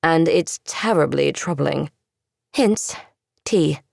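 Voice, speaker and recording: A woman's voice: low voice, takes it slowly, vocal fry, darkish tone, no room sound, studio quality, full character voice. A woman voicing an unruffled, courteous man who speaks pleasantly with a faintly mocking air. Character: unruffled polished British-style man, smug and courteous.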